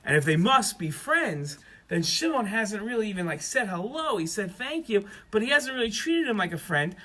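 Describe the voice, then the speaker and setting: Kids' storyteller, a man with a bright, high, expressive voice. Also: normal speed. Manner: animated, expressive. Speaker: children's storyteller. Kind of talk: children's story narration.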